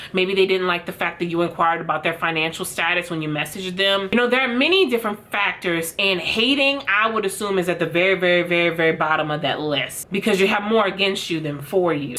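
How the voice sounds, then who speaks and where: Bright, sassy young woman vlogger. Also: fairly low pitch. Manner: sassy, frank, talks to viewers as "girl". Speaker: commentary vlogger. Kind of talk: casual commentary to camera.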